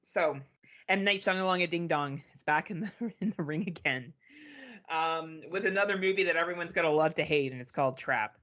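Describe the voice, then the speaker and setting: A woman's voice: low voice, moderate pace, fairly bright tone. A woman from Canada co-hosting a movie podcast, chatting frankly and swearing with a laugh. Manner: frank, profane, laughs often. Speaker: podcast co-host. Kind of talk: casual chat.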